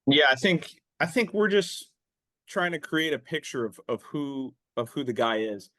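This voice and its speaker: A man's voice: fairly high pitch, animated, measured pace, a bit bright, no room sound. A man answering as a coaching guest, analytical, often restarting and repeating words. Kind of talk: interview answers.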